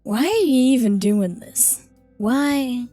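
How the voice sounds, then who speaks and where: Cold female tiefling interrogator, played by a woman, measured and threatening. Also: on the high side, animated, mellow, soft background music.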